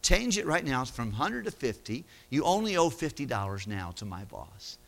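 A man's voice: medium pitch, big pitch swings, moderate pace, vocal fry, a bit bright, a little hiss or hum, voice pushed down. A man voicing an anxious middle-aged steward who mutters worriedly about losing his job. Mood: scheming.

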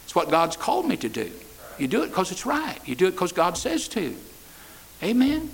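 A pastor delivers a sermon in church in a folksy, repetitive style, repeatedly calling out "amen" while stumbling through restarts. His voice is high for a man, gravelly, and swoops wildly in pitch. He speaks at normal speed, and the audio quality is poor.

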